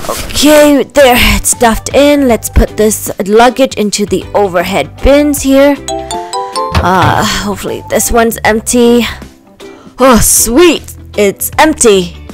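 A woman with a high voice narrates and plays the dolls in a toy storytelling video. She speaks in a lively, sing-song manner, with faint music under her voice. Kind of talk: doll play storytelling.

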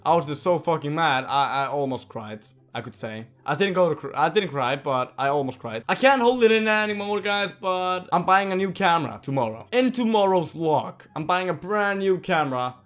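Excitable sweary young Icelandic vlogger. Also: male voice, on the high side, normal speed, few pauses. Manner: excitable, swears a lot, yells at the game. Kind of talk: storytime over gameplay commentary.

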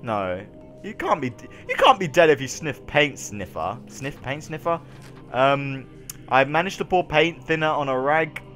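Excitable young man yelling over a game. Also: a little high, measured pace, soft background music. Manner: excitable, swings from mutters to yells. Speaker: gaming YouTuber. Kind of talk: let's play commentary.

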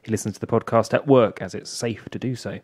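A man's voice: fairly low pitch, fairly even intonation, fast, darkish tone, no echo, clean studio sound. A man co-hosting a podcast, reading listener emails in casual chat with joking asides. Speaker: podcast co-host.

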